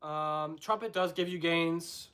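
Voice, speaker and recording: A man's voice: a little high, slow, pushed and bright, faint music behind. A young man answering trumpet questions on a live stream, in a rambling, self-deprecating way, singing syllables to show his points.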